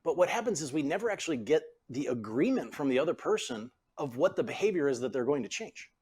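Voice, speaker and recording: A man's voice: fairly high pitch, fast talker, husky. A man in his forties, a podcast guest and author, explaining how leaders speak, acting out example phrasings. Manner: animated, acts out example phrasings. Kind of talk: conversational coaching talk.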